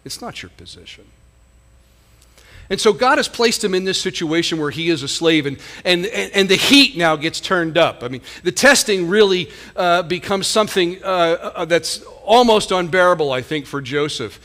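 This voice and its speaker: High bright-voiced male pastor preaching. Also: lively intonation, normal speed. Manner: conversational preaching with rhetorical questions. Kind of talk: sermon.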